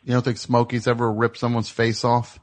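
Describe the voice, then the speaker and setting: A man's voice: medium pitch, completely flat delivery, fairly quick. A man hosting a comedy call-in show, teasing callers and riffing in a rambling way. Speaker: host.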